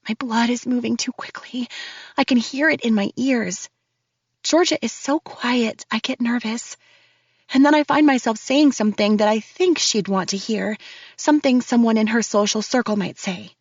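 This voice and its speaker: A woman's voice: a little high, moderate pace, no echo. A woman narrating a first-person audiobook in a nervous, breathless storytelling manner. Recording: dull, dry studio read.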